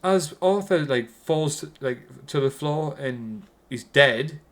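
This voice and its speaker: A man's voice: a little high, expressive, slow pace, fairly bright tone. A man with a Geordie accent giving a casual, rambling film review, swearing constantly and restarting his sentences.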